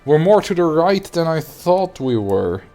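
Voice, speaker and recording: A man's voice: a little high, very animated, a little slow, mellow, soft background music. A young adult man streaming a game, chatting casually and rambling as he answers his viewers. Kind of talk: casual livestream chat while playing.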